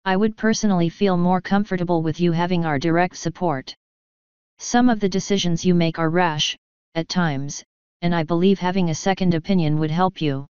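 A woman reading the part of a formal, composed royal lady, speaking in a measured, courteous way. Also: lowish voice, darkish tone, clean tone, no echo, dull audio, natural voice. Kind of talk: audiobook reading of fan fiction.

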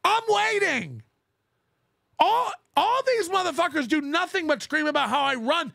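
A high-voiced man with a gravelly edge and a bright, pushed tone, ranting as a livestream host. He mocks his critics, swears freely and laughs between jabs. The sound is dry and close. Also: very animated, normal speed, no echo.

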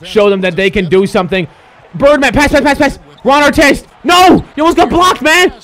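A young man streaming a basketball video game, giving excitable, profane commentary and shouting at his players. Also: very high-pitched, moderate pace. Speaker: gaming streamer.

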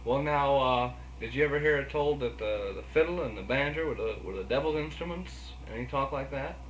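A man interviewing a musician, asking questions in a measured, slightly hesitant way. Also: mid-range voice. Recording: echoey room with faint background noise.

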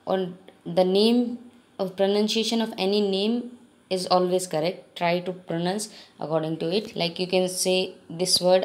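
A woman's voice: lowish voice, little pitch movement, measured pace. A woman teacher giving a patient, explanatory reading lesson to her students. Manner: patient, explanatory, mixes in Hindi. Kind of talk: recorded classroom reading lesson.

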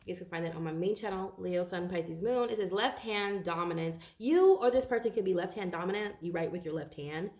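A woman's voice: on the low side, quick pace, few pauses, a little mellow, reverberant. A tired woman doing a casual tarot reading for viewers, chatty and rambling and swearing freely. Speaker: tarot card reader.

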